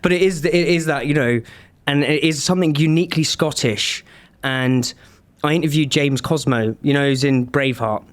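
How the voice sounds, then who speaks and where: A man's voice: a little high, moderate pace. A man hosting an interview, chatting casually and bluntly with some swearing. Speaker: podcast host.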